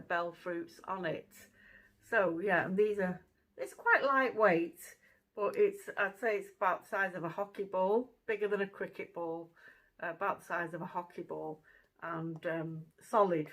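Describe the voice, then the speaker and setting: Woman with a lowish voice doing a chatty food vlog at home, lots of ums and uhs. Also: a bit bright, low-quality recording. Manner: chatty, conversational, many fillers. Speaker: channel host. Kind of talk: casual vlog taste test.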